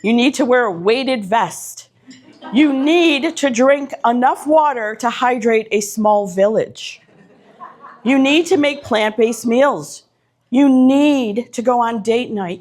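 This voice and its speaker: A middle-aged woman keynote speaker addresses a live audience in an event room with a slightly high, slow, somewhat mellow voice. Her motivational talk is punchy and direct, built from stacked short phrases and repetitive lists.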